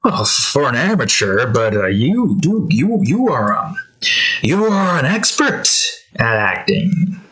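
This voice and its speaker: A man voicing a cat who acts as a smooth, flattering casting director. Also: medium pitch, slow pace, exaggerated voice, poor audio. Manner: flattering, coaxing.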